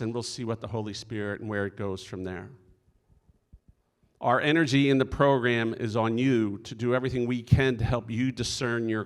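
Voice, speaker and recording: A middle-aged man, a deacon, telling stories in a folksy, earnest sermon at a conference. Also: medium pitch. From Philadelphia area. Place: conference hall stage. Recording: echoey hall.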